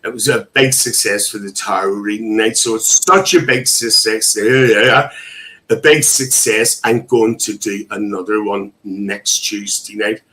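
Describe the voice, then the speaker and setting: A man's voice: fairly low pitch, fairly even intonation, unhurried, pushed and bright, rough recording. A man hosting a casual livestream, reading viewers' comments aloud in an emotional, chatty way with frequent laughter. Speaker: livestream host.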